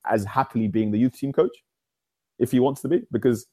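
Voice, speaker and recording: A man's voice: medium pitch, a little mellow. A man with an ordinary mid-range voice hosts a football podcast. He keeps the talk moving and leads from one segment to the next. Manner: brisk, moves the show along. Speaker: podcast host. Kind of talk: casual sports chat.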